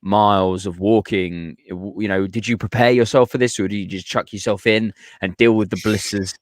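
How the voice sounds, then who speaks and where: A man's voice: lowish voice, fairly even intonation, moderate pace, dry recording. A man co-hosting a casual chat, asking wandering, thoughtful questions.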